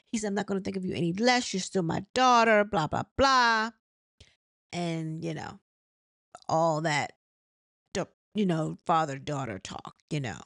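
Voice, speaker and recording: A woman recaps reality TV in a relaxed, conversational style, acting out the lines people said and laughing along. Her voice has a slightly gravelly, fried texture. The recording is close and dry, with no room sound. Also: medium pitch, no echo. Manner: chatty, retells scenes with quoted dialogue, laughs often. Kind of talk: casual recap commentary.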